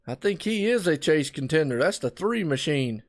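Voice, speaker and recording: Excitable Southern race commentator man. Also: on the high side, normal speed. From North Carolina. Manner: chatty, excitable, folksy asides to viewers. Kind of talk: live play-by-play commentary.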